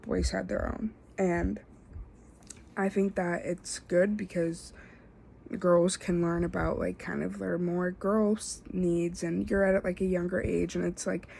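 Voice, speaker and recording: A young woman, a student, talking through a self-assessment in a halting way, full of fillers and restarts. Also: lowish voice, level tone, gravelly, a little mellow, slight background noise. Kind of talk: casual spoken self-assessment.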